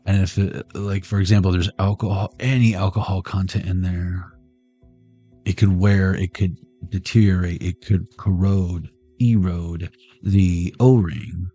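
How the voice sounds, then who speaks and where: Rambling low-voiced man reading tarot. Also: steady tone, a little slow, dark tone, breathy edge, dull audio, soft background music. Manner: jokey, tangential, talks to viewers. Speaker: tarot reader.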